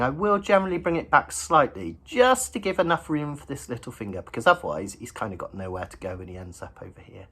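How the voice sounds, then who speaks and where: A man's voice: medium pitch, bright, forceful tone. Chatty man teaching ukulele. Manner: chatty and encouraging, counts beats aloud while strumming. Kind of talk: friendly instructional lesson. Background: his own ukulele playing.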